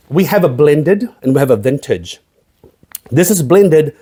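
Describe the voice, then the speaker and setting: A man's voice: a little high, dark tone. A man hosting a drinks review vlog, talking casually in a profane, irreverent, rambling way. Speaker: host of a drinks review channel.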